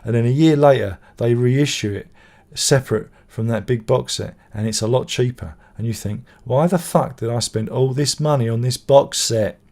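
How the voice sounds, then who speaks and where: Middle-aged man, middle pitch, rambling, sweary, live-stream chat host. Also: moderate pace, few pauses, darkish tone. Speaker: channel host. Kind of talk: live stream chat, reading viewer comments.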